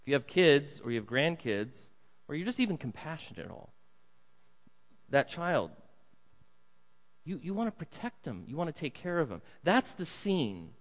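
Older male pastor preaching, punchy dramatic readings and quiet asides, long reverb, slightly muffled sound. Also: on the high side, normal speed, pauses often. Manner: lively, swings between loud dramatic reading and soft asides. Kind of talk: sermon. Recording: dull sound in a big reverberant hall.

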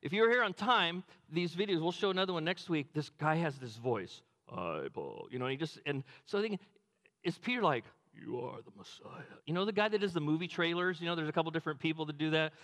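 Guy preaching, pretty high voice, big hall reverb, acts out the quotes all low. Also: fast talker, fairly bright tone. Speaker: pastor. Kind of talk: sermon.

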